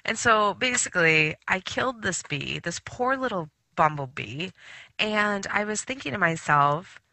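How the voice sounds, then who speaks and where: A woman hosting a spiritual talk radio show, telling a rambling story full of fillers in quick, animated bursts. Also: lowish voice, vocal fry, dry recording.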